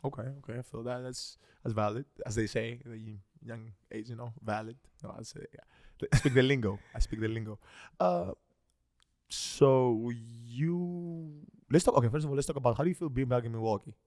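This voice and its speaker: A man's voice: medium pitch, moderate pace, a little mellow, dry recording. Playful Greek-accented man hosting, dry sound. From Greece. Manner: playful, teasing, repeats and restarts words. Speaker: host. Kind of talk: casual interview chat.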